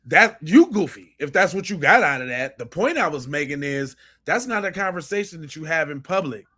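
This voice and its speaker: A man's voice: a little high, lively intonation, brisk, pushed and bright. A man hosting a podcast, giving blunt, profane commentary on video clips and often repeating and restarting his phrases. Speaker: podcast host.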